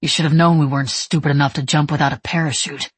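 A woman voicing a terse male team leader in an audiobook, speaking in a measured, flat way. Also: deep voice, husky, no room sound. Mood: careful.

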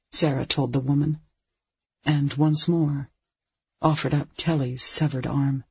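An audiobook narrator reading a dark thriller in a measured, tense way. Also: medium pitch, steady tone, creaky, breathy edge, dry recording. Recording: dull lo-fi recording.

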